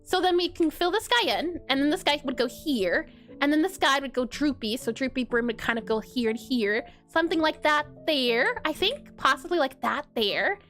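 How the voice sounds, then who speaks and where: A woman's voice: high voice, lively intonation, normal speed, fairly bright tone, soft background music. A woman streamer thinking aloud and chatting in a giggly way while she draws pixel art. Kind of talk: casual live-stream drawing commentary.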